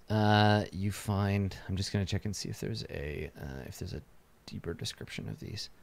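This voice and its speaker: A man's voice: sits low, animated, moderate pace, creaky. A man as dungeon master, casually narrating a tabletop game and restarting phrases as he goes.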